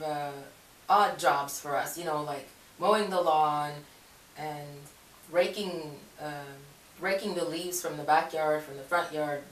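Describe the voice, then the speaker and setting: A woman's voice: low voice, slight background noise. A woman telling a personal faith story in a casual, rambling way, often correcting herself and laughing. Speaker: Christian video blogger. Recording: echoey room, voice far from mic.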